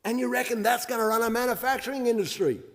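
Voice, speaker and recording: An Australian man with a high voice argues his point in a sarcastic, combative parliamentary speech. His words ring out with a long reverb through a large chamber. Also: fast talker, fairly bright tone. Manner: combative and sarcastic, mocking opponents. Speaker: member of parliament.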